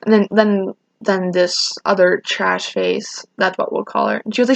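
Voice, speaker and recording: A woman's voice: mid-range voice, sing-song, a little fast, creaky, fairly bright tone, muffled recording. A teenage girl vlogging a casual storytime rant, rambling with many restarts and acting out what people said. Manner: rambling, restarts often, quotes people in raised voices.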